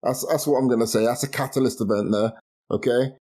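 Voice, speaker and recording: Fast and mellow, with a steady medium-pitched tone, a British man in his twenties co-hosts a casual podcast. He rants in an exasperated way, with many restarts and laughs.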